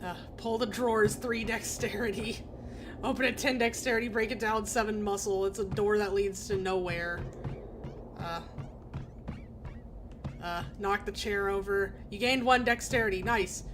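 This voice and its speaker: A woman's voice: mid-range voice, fairly even intonation, a little slow, over music. A woman streaming a video game, reading its text aloud with casual, laughing asides.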